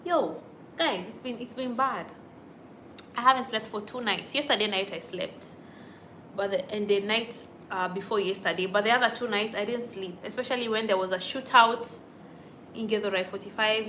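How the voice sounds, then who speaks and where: A woman's voice: medium pitch, fairly bright tone. Young Kenyan woman, home livestream chatter, indignant and exclamatory, mid-range voice, faint hiss. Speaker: livestream host. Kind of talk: casual livestream chat reading viewer comments.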